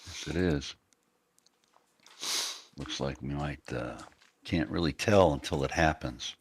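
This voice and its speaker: Very deep gravelly man on a stream. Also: slow. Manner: laid-back, short remarks, folksy phrasing. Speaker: day trading stream co-host. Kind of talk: casual live-stream chat.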